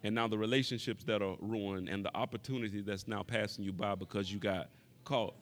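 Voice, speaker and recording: A man preaching a sermon, talking straight to the congregation and repeating words for emphasis, moving between quiet passages and raised, impassioned ones. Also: lowish voice, fairly even intonation, a little fast.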